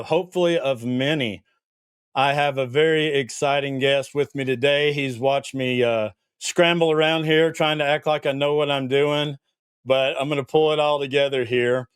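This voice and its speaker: A man's voice: on the high side, clear, resonant tone, no room sound, clean studio sound. A man with a Southern US accent hosting a casual interview, hesitant and self-deprecating with lots of fillers. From Tennessee. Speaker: podcast host.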